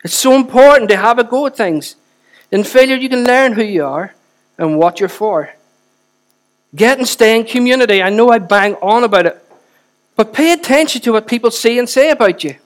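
A man's voice: very high-pitched, expressive, moderate pace. A man, preaching a sermon with chatty asides and repeated phrases for emphasis. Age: 40s. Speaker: pastor.

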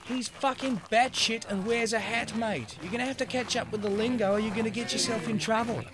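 A man's voice: extremely high pitch, steady tone, fairly quick, a crowd in the background, pitched above the performer's own voice. A man voicing a foul-mouthed, laid-back male wombat with an Australian accent and a slangy, swearing drawl. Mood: breezy.

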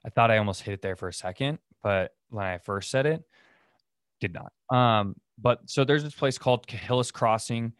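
Mid-range and smooth, this man's voice moves at a normal speed in a clean studio recording without echo. As host of a casual solo podcast, he drifts through stories with plenty of fillers and restarts.

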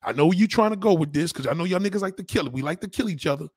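A man's voice: very fast, husky, dry recording, clean studio sound. A man on a live stream, mocking a viewer's comment in a heated, profane rant and repeating himself for emphasis. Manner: animated, pitch jumps up when indignant. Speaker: livestreamer reading viewer comments.

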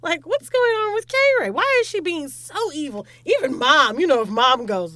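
A woman's voice: high voice, big pitch swings, normal speed, pushed and bright, no echo. A young woman co-hosting a casual chat, teasing her friend playfully and chiming in with laughter. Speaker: podcast co-host.

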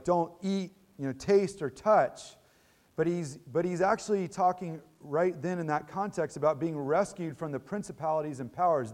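Brief: middle-aged man, slightly high voice, chatty sermon delivery with restarts. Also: darkish tone. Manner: conversational teaching, frequent restarts and tag questions. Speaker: pastor.

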